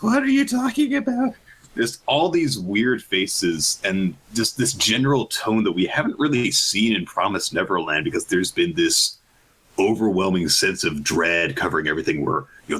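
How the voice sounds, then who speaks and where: Man, podcast co-host, casual chat, deep voice, raspy tone, acts out lines. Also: low-quality recording. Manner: animated, acts out characters' lines in high voices. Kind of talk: casual chat recapping manga.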